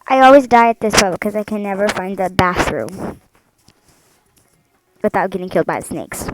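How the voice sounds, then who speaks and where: A woman hosting her own gaming channel, giving casual gameplay commentary with excitable, dramatic outbursts. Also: medium pitch, normal speed, over music, poor audio.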